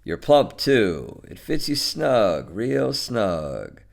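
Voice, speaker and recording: A man's voice: fairly low pitch, very animated, extremely slow, creaky, full character voice. A man reading a story, voicing a balding, lonely middle-aged man who talks curtly and pushes insistently. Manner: curt, insistent, coaxing.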